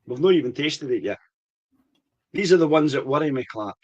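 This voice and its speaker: Middle-aged Scottish man hosting a tasting chat; enthusiastic, fairly high voice. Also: animated, a little fast, a little mellow, dull audio. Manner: chatty, laughs often, enthusiastic. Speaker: whisky tasting host.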